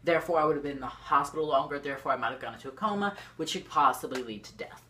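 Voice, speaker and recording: A teenage girl with a low, deep-set voice tells a storytime straight to her camera. She rambles and talks in excitable bursts, filling her talk with "like" and restarts. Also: very fast. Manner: rambling, lots of "like", excitable swings. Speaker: YouTuber. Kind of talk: storytime vlog. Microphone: camera facing the speaker.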